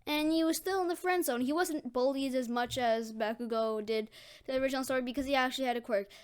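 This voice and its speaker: Rambling woman storyteller, slightly high. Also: fast talker, clean tone. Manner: rambling, self-correcting. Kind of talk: casual story retelling.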